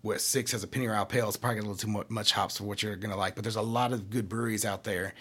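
A man's voice: on the low side, fairly even intonation, racing, a bit bright, slightly rough. A man from Kentucky from a craft brewery, explaining beer in casual chat and asking lots of rhetorical questions.

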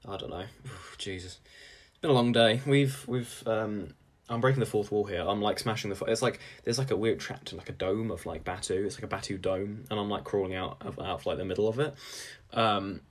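A young man co-hosts a comedy podcast in a rambling, self-deprecating way, full of fillers and half-finished thoughts. His voice sits a little low and has a husky grain. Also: a little fast. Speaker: podcast co-host. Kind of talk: casual comedic chat.

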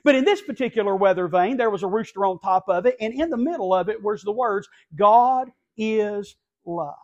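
A man preaching an impassioned sermon from a church pulpit, swinging between hushed lines and shouting. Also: high voice, moderate pace, lo-fi sound. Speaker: pastor.

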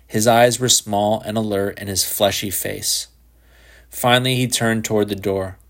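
A man narrating a literary short story in a measured, even way. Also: fairly low pitch. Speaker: audiobook narrator.

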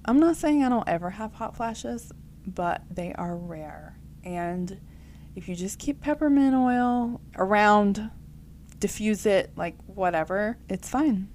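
A woman's voice: medium pitch, lively intonation, slow, darkish tone, a little hiss or hum. Woman, 40s, from the US, vlogger, casual rambling storyteller who restarts her sentences. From United States. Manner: chatty, rambling, self-correcting.

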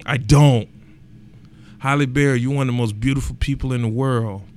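Man hosting a podcast, casual and emphatic, goes big and loud when making a point. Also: mid-range voice, fast, slight background noise. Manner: animated and emphatic, rising to loud exclamations; colloquial, repeats words for emphasis. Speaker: podcast host.

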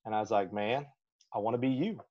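A man's voice: fairly low pitch, quick pace. Folksy man from Alabama telling coaching stories. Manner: animated, folksy, acts out quotes. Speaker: track and field coach, guest. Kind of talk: storytelling in a podcast interview. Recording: slightly dull lo-fi audio.

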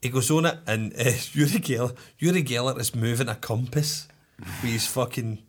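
A man's voice: medium pitch, normal speed. Man telling a story. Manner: animated storyteller, swears freely, keeps checking in with "right?". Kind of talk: casual chat, storytelling.

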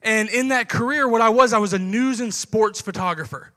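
A pastor telling a personal story in a sermon, acting out the conversations he recalls with lively, animated delivery. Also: high voice, a little fast, big-room sound.

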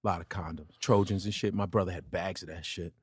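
A man guest on a podcast, a comedian telling profane, animated stories in casual chat and putting on voices of the people in them. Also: low-pitched, quick pace, breathy edge, dry recording, studio quality.

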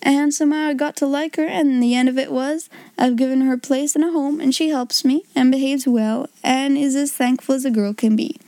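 Woman reading cheerful baker woman, homely dialect, mellow, dry. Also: high-pitched, steady tone, fairly quick, few pauses, no echo. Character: cheerful good-natured working-class baker woman.

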